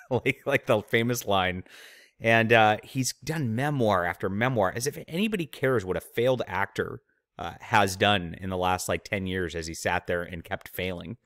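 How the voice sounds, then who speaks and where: A man's voice: fairly low pitch, normal speed, fairly bright tone, dry recording, clean studio sound. A man hosting his own channel, giving opinionated commentary with sneering, mocking asides. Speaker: channel host, author.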